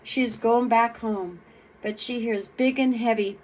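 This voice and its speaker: A woman reading folk tales aloud to her audience. Her voice sits a little high, and she takes an unhurried, expressive pace, leaning into the rhythm of the story. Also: slight background noise, poor audio. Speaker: storyteller and channel host.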